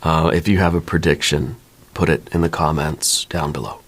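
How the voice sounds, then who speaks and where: A man giving a soft-spoken ASMR tarot reading, reassuring and unhurried, often checking in with "right?". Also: a bass voice, fairly even intonation, slight background noise. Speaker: tarot reader.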